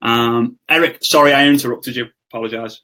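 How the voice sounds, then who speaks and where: A young man hosting a casual live stream over a video call, talking in an excitable, quick and self-mocking way. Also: medium pitch, low-quality recording. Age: young adult.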